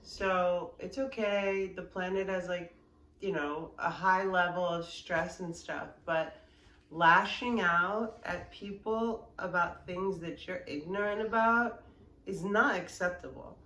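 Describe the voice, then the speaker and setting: A woman's voice: on the low side, steady tone, slow, fairly bright tone. A woman in her forties talking casually to camera as a yoga vlogger, frank and rambling, with many fillers and restarts. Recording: roomy sound from a distance with faint background noise.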